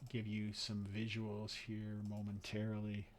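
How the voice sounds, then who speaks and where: A man narrating as game master of a tabletop game, thinking aloud with frequent pauses and fillers. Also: lowish voice, completely flat delivery, a little hiss or hum.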